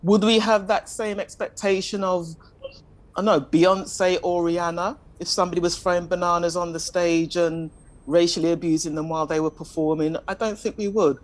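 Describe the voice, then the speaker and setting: A woman speaking as a panelist in a discussion, measured and questioning, often admitting she is ready to be corrected. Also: fairly low pitch, fairly even intonation, rough recording. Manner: measured, questioning, self-deprecating.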